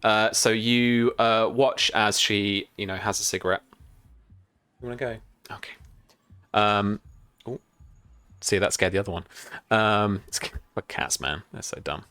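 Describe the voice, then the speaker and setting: A man's voice: fairly low pitch, measured pace, pauses often, pushed and bright, clear, resonant tone. A man as game master of a tabletop game, rambling with many fillers and restarts. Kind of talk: narrating a tabletop game on a stream.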